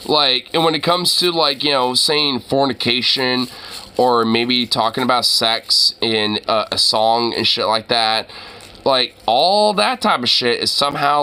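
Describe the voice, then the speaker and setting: A man's voice: medium pitch, bright, forceful tone. A man hosting a reaction video, giving casual rambling commentary full of swearing and fillers like "you know" and "like".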